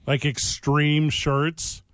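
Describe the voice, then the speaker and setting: Comedic talk radio host, male, high voice, animated and jokey, dry close mic. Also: very slow, no room sound. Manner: animated, jokey, breaks into laughter. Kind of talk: comedic banter, mock sports announcing.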